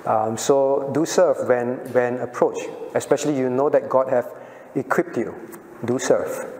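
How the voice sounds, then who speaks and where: A man's voice: mid-range voice, measured pace, darkish tone, slight background noise. A male pastor leading an interactive Bible class in earnest tones, putting questions to the class and calling on people by name. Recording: echoey hall sound.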